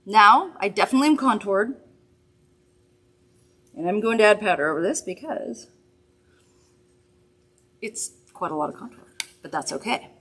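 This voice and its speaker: A woman's voice: mid-range voice, expressive, normal speed, long pauses, a bit bright, husky. A woman hosting a live makeup demonstration from a studio, chatty, upbeat and reassuring as she works. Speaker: makeup host.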